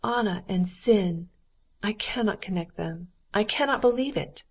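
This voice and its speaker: A woman's voice: medium pitch, measured pace. A woman voicing a kind married woman who pleads for her friend in an earnest, imploring way. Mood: distressed.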